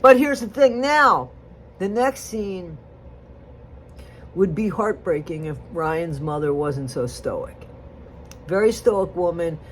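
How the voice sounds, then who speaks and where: A gossip vlogger commenting casually on a reality show, blunt and rambling, jumping between loud outbursts and muttered asides. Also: medium pitch, expressive, slow, pauses often, a little hiss or hum.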